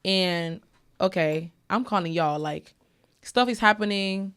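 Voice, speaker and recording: A young adult woman hosts a casual talk show, telling her story in an open, emotional way. Her voice sits at a middle pitch. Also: takes it slowly, fairly bright tone, smooth. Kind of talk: casual chat.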